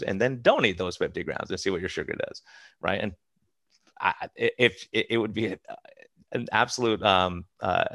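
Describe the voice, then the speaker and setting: A man's voice: fairly low pitch, vocal fry, fairly bright tone, no room sound, clean studio sound. A middle-aged man, a preventive medicine doctor, talking casually and emphatically with many restarts and acted-out quotes. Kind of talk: casual interview talk.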